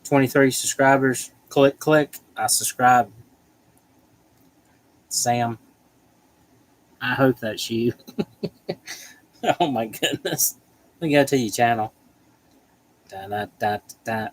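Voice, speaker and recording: A livestream host reads viewer comments aloud, chatting, joking and laughing often. His medium-pitched voice moves slowly with long pauses, and the recording is rough.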